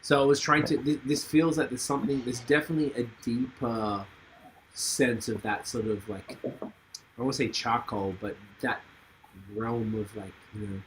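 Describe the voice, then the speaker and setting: A man's voice: medium pitch, steady tone, normal speed, background noise. A man hosting a podcast, thinking aloud in rambling, enthusiastic casual chat. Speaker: podcast host.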